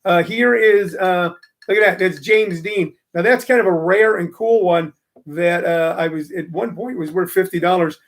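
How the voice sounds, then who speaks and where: Older guy rambling on a live stream, kinda high voice, lots of uh and um. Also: normal speed. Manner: rambling, chatty, many fillers. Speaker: host of a live-streamed show. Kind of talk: casual live-stream chat.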